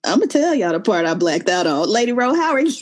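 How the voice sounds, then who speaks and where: A woman hosting a casual chat show over a call, laughing often and speaking in relaxed slang. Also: medium pitch, quick pace, slight background noise. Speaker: podcast host.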